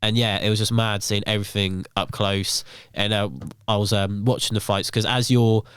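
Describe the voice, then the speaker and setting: A young man talking casually as a podcast guest, rambling through stories and filling the gaps with "um" and "like". His voice sits low and comes out smooth and clear. The sound is dry and close. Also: little pitch movement, moderate pace, fairly bright tone, no echo. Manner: rambling, filler-heavy storytelling.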